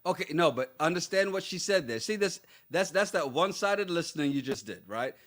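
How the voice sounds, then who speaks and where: A man's voice: on the high side, expressive, a little fast, fairly bright tone. Man talking things through on a podcast. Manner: talks things through, restarts, emphatic no-no-nos. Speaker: podcast co-host. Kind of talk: casual chat.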